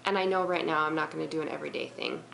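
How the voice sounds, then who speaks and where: A woman's voice: low voice, fairly even intonation, racing, creaky. A young woman vlogging at home, playing with her toddler in sing-song baby talk and chatting to viewers. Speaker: vlogger and mother. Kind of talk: casual home vlog.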